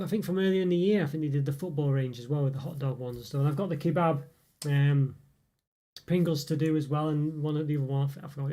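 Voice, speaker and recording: A man's voice: a little high, dark tone. A man hosting a casual livestream, rambling with many fillers and chuckles as he answers viewer comments. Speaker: livestream host reviewing snacks. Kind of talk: casual live chat reading viewer comments.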